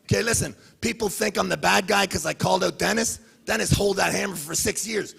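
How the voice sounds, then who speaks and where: A man's voice: high-pitched, a little fast, creaky, fairly bright tone, husky. A man from Canada trash-talking a rival at a press conference, heated and repeating his challenges. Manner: heated, repetitive, taunting questions. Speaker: arm wrestler at a press conference. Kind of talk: confrontational trash talk. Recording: reverberant hall.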